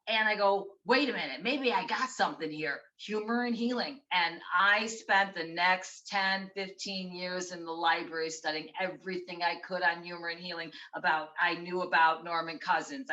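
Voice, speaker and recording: Animated woman telling a story, bright voice. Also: fairly low pitch, moderate pace, hardly any pauses, far from the mic, poor audio. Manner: animated, acts out quotes, laughs at herself. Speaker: interview guest, author. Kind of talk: storytelling in a casual interview.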